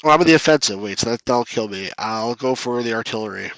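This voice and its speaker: A man's voice: mid-range voice, animated, fast, a bit bright, no echo. A man casually commenting as he plays a retro strategy game live, chatting with viewers and joking about his losses. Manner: chatty, reads chat aloud, jokes at his own losses.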